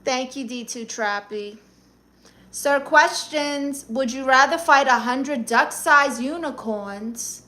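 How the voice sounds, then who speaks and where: Sassy Brooklyn woman with a bright voice. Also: high voice. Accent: Brooklyn New York. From Brooklyn, New York. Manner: sassy, quick comebacks to viewers. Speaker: comedian live-streamer reading chat. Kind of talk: casual live-stream chat.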